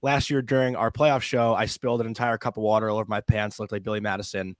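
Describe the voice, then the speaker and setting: A man's voice: fairly low pitch, level tone, fast, dry recording, clean studio sound. A man co-hosting a sports podcast, asking loose, casual questions with lots of fillers. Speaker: podcast co-host.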